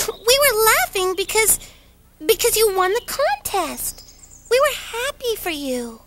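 A bright, reassuring puppet girl. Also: extremely high pitch, big pitch swings, slow, background noise, full character voice. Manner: warm and reassuring. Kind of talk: children's TV puppet show acting.

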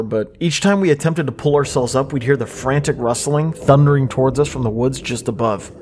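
A man's voice: mid-range voice, a little mellow. Man narrating a horror story, faint hiss. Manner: measured, suspenseful storytelling. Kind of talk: scripted creepypasta narration.

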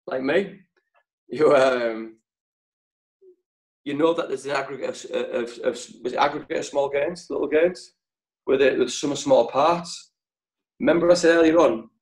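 Male sales trainer on a video call; emphatic, short punchy lines, deliberate pauses, mid-range voice. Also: mid-range voice, a little mellow, low-quality recording. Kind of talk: motivational training talk.

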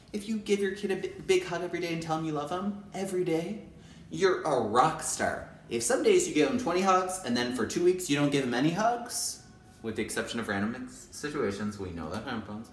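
Animated man in an echoey room. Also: medium pitch. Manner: animated, repetitive and emphatic. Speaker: kindergarten teacher. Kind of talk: casual direct-to-camera talk. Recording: roomy echo.

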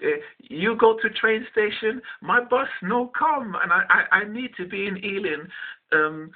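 A man's voice: high-pitched, unhurried, pitched above the performer's own voice. A man putting on a flustered East European woman. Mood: pleading. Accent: East European (put on). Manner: broken English, pleading. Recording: tinny phone-like sound.

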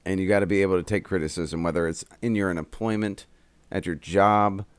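Young guy on a podcast, deep-ish voice, dead dry mic, swears a lot telling stories. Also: brisk, clean tone, no echo. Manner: animated storytelling, swears freely. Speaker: podcast co-host. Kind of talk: casual podcast chat.

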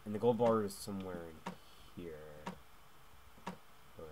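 A young man playing a stealth game and commenting as he goes, jumping between hushed muttering and loud yelps and tacking "mate" onto his lines. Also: deep voice, moderate pace, background noise. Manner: excitable, swings from hushed muttering to yelling, keeps adding "mate". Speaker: gaming YouTuber. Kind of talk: let's play commentary.

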